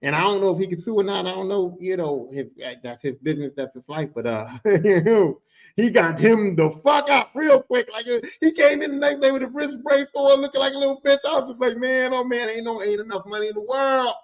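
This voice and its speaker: A man's voice: high-pitched, fairly quick. A man telling a workplace story in casual, profane talk, acting out the voices of the people in it. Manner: profane, animated, acts out quoted people. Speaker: podcast host telling a story. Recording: dull lo-fi sound.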